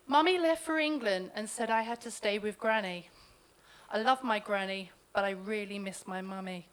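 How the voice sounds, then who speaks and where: A woman reading her own poem aloud at a live event, plain and gentle. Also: mid-range voice, normal speed, low-quality recording. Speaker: poet.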